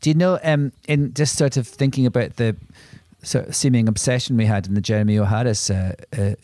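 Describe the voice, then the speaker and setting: Man, podcast co-host, anecdotal and rambling, mid pitch, dry studio sound. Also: a little fast, dark tone, no echo. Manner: rambling, self-interrupting anecdotes with many restarts. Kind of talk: casual storytelling chat.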